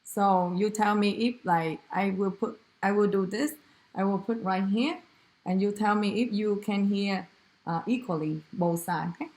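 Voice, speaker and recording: A woman with a Vietnamese first language, narrating a clinical exam demonstration as a student, halting, with many fillers and self-corrections. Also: medium pitch, darkish tone.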